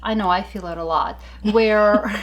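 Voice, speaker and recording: A woman co-hosting a casual talk show, telling stories in an animated, chatty way with frequent laughter. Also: mid-range voice, normal speed. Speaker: podcast co-host. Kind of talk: casual chat.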